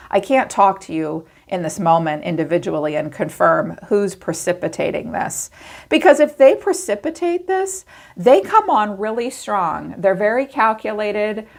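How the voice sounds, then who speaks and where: A woman giving a chatty tarot reading to camera, acting out quoted thoughts in animated asides. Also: on the low side, vocal fry. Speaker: tarot reader.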